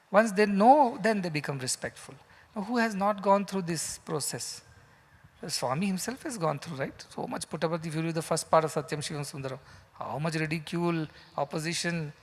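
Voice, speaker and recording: Indian English male spiritual teacher, earnest and animated, slightly high voice, reverberant hall. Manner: earnest, animated storytelling with rhetorical questions. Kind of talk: satsang discourse. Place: large hall.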